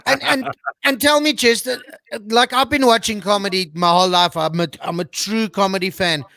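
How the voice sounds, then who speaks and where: A man interviewing casually over a video call, easygoing and quick to laugh. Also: high voice, steady tone, creaky, bright, forceful tone, no echo. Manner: easygoing, laughs often, slang-heavy.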